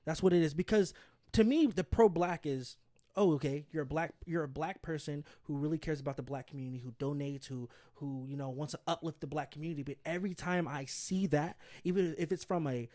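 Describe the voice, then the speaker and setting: Earnest young man, slightly high voice. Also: fairly quick, warm tone. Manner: earnest, repeats words while thinking. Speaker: podcast co-host. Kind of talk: casual chat.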